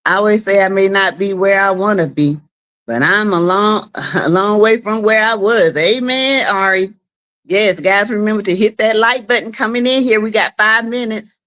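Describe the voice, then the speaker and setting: A woman's voice: medium pitch, moderate pace, a bit bright. A woman hosting a casual live stream from her home, chatting with viewers, greeting them by name and laughing often. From South Carolina. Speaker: livestream host.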